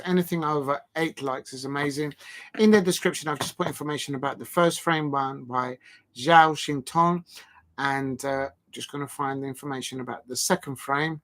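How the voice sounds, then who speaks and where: A man chats through a relaxed live stream in a voice pitched a touch high. He rambles from one thought to the next with jokes and cheerful mock grumbling. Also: brisk. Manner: rambling, jokey, prone to mock moaning. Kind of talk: casual live-stream chat.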